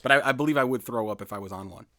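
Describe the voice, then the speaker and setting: Fast-talking joking male podcast host. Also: medium pitch, pushed and bright, dry recording, clean studio sound. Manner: quick, jokey, mock-dramatic storytelling. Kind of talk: casual joking chat.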